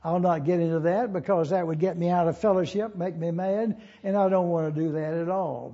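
Deliberate man teaching a sermon. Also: sits high, dark tone. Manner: slow, deliberate, spells out Greek words letter by letter. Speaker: pastor. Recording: dull lo-fi sermon recording.

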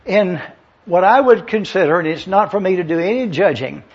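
Husky high-voiced older male pastor. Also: a little mellow, muffled recording. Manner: slow teaching, spells out Greek words letter by letter. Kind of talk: expository sermon.

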